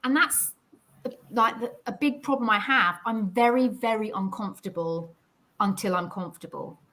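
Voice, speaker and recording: An English woman appears as a guest in a casual chat about mental health, animatedly telling stories and acting out other people's lines. Her voice is mid-range and her pace moderate.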